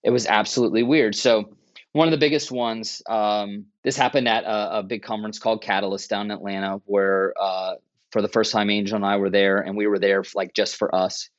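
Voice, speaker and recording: Low-voiced man telling his story earnestly. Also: a little fast, dry recording. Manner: earnest, animated storytelling with many restarts. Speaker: church planter guest. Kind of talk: conversational interview storytelling. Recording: muffled, dry podcast audio.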